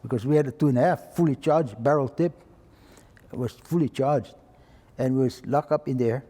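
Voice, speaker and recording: Husky-voiced old man with Hawaiian Pidgin lilt. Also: mid-range voice, warm tone, in a large hall. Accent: Hawaiian Pidgin-tinged English. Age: 80s. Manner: plain-spoken, acts out quoted voices. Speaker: retired fire chief. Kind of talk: oral-history storytelling.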